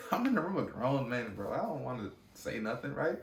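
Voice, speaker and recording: A young man hosting a podcast, telling a personal story in a casual, slangy, animated way with many fillers and restarts. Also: mid-range voice, normal speed, recorded from a distance. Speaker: podcast host. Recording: echoey room, off-mic.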